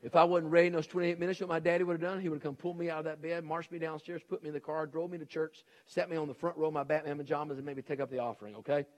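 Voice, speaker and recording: A man's voice: on the high side, little pitch movement, racing, hardly any pauses. Emphatic folksy preacher, man. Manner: emphatic, folksy, repeats his point, acts out quoted people. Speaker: preacher and educator. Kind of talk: sermon.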